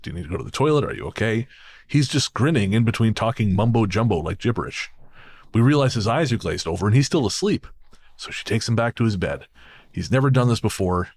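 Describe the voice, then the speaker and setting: Sardonic man with lively pitch. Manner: sardonic, swearing, laughing often. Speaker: podcast co-host. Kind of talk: casual chat, reading a listener story aloud.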